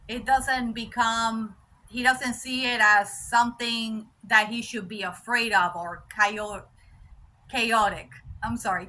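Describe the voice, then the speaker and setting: A woman dog trainer talks owners through a lesson at an unhurried, deliberate pace. Her voice is bright and forward, and she explains things patiently, circling back and checking that you're following. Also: mid-range voice, slight background noise, poor audio. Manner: patient, repetitive, checks in with "all right?"; unscripted, with restarts and self-corrections. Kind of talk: instructional talk to dog owners.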